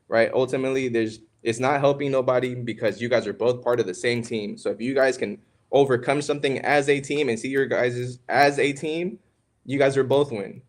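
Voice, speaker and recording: Man teaching marriage in casual talk. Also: mid-range voice. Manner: conversational, preachy, calls listeners "man" and "bro". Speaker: podcast co-host.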